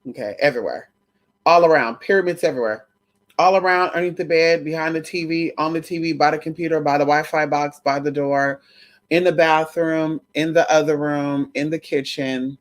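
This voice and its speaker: A woman's voice: low voice, brisk. A woman hosting a casual spiritual livestream, calling her viewers honey and y'all. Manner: animated, calls viewers honey and y'all, baby talk to crystals.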